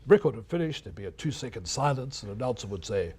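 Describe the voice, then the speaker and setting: A man's voice: mid-range voice, expressive, fast, a little mellow, breathy edge. An older man, a veteran radio broadcaster lecturing students, telling anecdotes and mimicking old announcers. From New Zealand. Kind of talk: reminiscing lecture.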